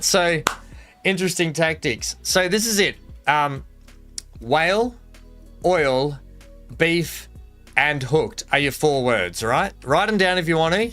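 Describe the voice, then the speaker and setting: A man's voice: fairly high pitch, bright, forceful tone. A young adult man with an Australian accent, chatting casually on a live game stream, rambling and joking and laughing a lot as he reads out chat.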